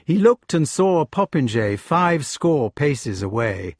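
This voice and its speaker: Expressive, husky-voiced male storyteller. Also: on the high side, slow, no room sound, clean studio sound. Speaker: narrator. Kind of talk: audiobook narration.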